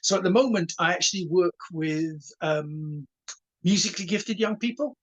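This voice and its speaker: A man in his sixties tells stories as a guest on an interview show. His voice is husky and sits a little high, and he trips over repeated words while acting out the people he quotes. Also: moderate pace, poor audio. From Wales. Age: 60s. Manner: animated storyteller who stutters on repeated words and acts out dialogue. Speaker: karate instructor and guest. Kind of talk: casual storytelling interview.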